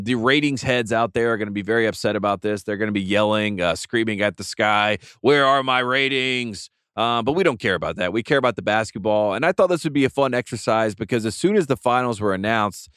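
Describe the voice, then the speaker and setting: Male podcast host, resonant and low, easygoing chat with lots of "um"s. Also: clear, resonant tone, dry recording, studio quality. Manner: relaxed, with frequent filler "um"s. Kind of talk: casual sports chat.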